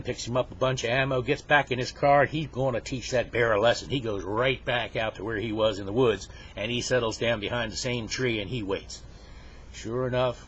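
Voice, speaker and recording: A man telling a long joke in a folksy, casual way, with drawn-out pauses. The recording is dull and lo-fi. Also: on the low side, slight background noise. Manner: folksy drawn-out storytelling with dramatic sound effects. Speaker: joke teller. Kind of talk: casual storytelling.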